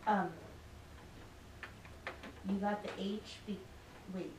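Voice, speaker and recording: A woman's voice: medium pitch, steady tone, extremely slow, a little mellow. Distant woman student in an echoey classroom. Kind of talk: asking questions in class. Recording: echoey room from far off, faint noise.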